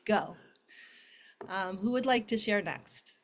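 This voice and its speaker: A woman hosting a video call meeting, gently encouraging people to share and keep it short. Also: medium pitch, slow pace. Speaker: meeting host.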